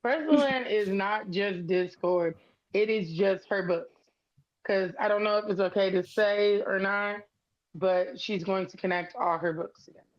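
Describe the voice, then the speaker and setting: A woman's voice: mid-range voice, unhurried, lo-fi sound. A woman chatting as the author's friend, teasing and playful as she tells stories. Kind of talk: casual chat, storytelling.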